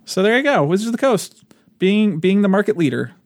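A man's voice: sits high, sing-song, brisk, no echo. A man co-hosting a podcast, chatting casually about board game news, laughing often and restarting his sentences. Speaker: podcast co-host.

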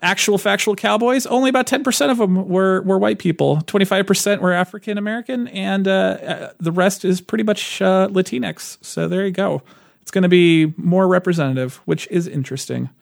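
A man's voice: high-pitched, brisk, creaky, no room sound, clean studio sound. A man co-hosting a podcast, chatting casually about board game news, laughing often and restarting his sentences. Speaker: podcast co-host.

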